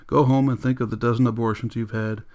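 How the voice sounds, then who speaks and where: A man voicing Montag, a shaken male fireman, reciting verse slowly and later shouting. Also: medium pitch, flat delivery, natural voice. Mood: furious. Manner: measured poetry recital, then shouted commands.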